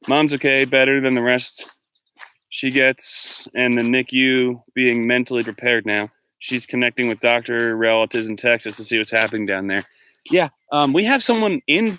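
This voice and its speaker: Male vlogger, bright and forward, rambling chatter on a phone in the woods with faint noise behind. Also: medium pitch. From Pennsylvania. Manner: rambling, chatty, reads out viewer comments. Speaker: teacher and vlogger. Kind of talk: live-stream walking vlog. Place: outdoors, walking in the woods.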